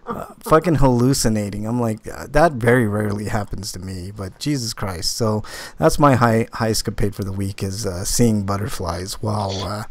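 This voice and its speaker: A man's voice: on the low side, normal speed, no room sound. A man hosting a casual podcast, reviewing movies and telling stories with lots of fillers and restarts. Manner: rambling, filler-heavy, animated when retelling stories. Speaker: podcast host.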